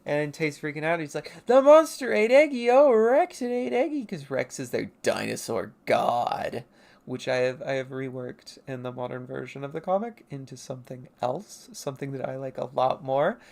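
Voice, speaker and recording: Young artist rambling through an old comic on stream, kinda gravelly voice, laughing at themself, home mic. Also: mid-range voice, normal speed. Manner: rambling, self-mocking, briefly acting out character lines. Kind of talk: casual livestream commentary.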